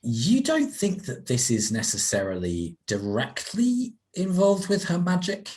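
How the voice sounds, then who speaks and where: A man, working as a game master and narrating a tabletop role-play game in a measured, descriptive way. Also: sits high, wildly swooping pitch, darkish tone.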